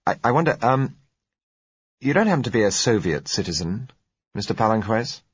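A man voicing a frank, reflective managing director of a company, speaking in a measured way. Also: fairly low pitch, very animated, breathy edge, no echo, dull audio, voice pushed up. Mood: thoughtful. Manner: measured, thoughtful.

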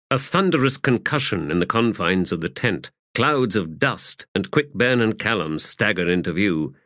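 A man narrating a fantasy audiobook in a measured, expressive way on a close studio mic. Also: lowish voice, no echo.

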